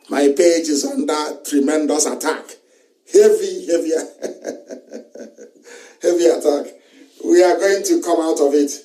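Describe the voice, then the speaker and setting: A man's voice: on the high side, mellow. A man with a Nigerian accent giving a live broadcast monologue, repeating his phrases emphatically and chuckling between lines. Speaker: political broadcaster. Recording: roomy sound, mic from a distance.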